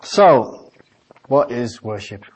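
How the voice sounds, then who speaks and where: A man preaching a Bible-study sermon in a small office meeting room. He reads scripture aloud and builds to fervent, loud exclamations. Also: medium pitch, lively intonation, slow, husky, poor audio.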